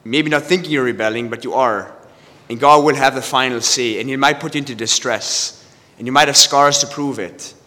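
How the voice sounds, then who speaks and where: A man preaching a sermon, halting and restarting often as he quotes scripture. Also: mid-range voice, pushed and bright. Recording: long hall reverb.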